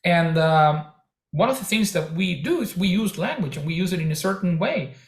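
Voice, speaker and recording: Man, slightly higher voice, careful halting academic answers, echoey room. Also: lively intonation. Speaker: researcher guest.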